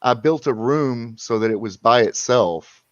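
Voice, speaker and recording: A man's voice: mid-range voice, a little slow, no echo. Rambling man on a muffled line. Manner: rambling, restarts and repeats while telling a story. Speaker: caller. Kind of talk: casual chat. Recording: muffled lo-fi sound.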